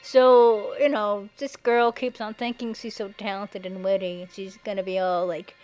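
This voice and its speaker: A woman giving sarcastic, mocking commentary over a slideshow, now and then breaking into shrill put-on voices. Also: level tone, moderate pace, hardly any pauses, a little mellow, rough recording. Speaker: video narrator. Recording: faint background music.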